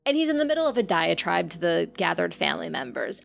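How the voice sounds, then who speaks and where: A woman's voice: lowish voice, sing-song, fast, vocal fry, few pauses, soft background music. A woman narrating a tabletop role-playing game as game master in the second person.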